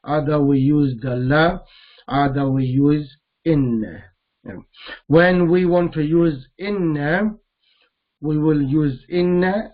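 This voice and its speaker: A man teaching Arabic grammar in a lesson, slowly repeating terms and putting questions to his students. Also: a little high, phone-quality sound. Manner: slow, deliberate, repeats terms and quizzes students. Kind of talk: live online grammar lesson.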